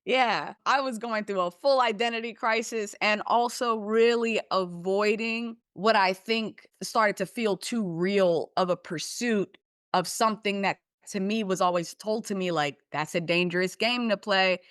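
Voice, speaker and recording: A young woman, a podcast guest, telling her life story in a casual, animated way, swearing freely and acting out what her parents said. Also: mid-range voice, a little slow, clear, resonant tone, no room sound, clean studio sound.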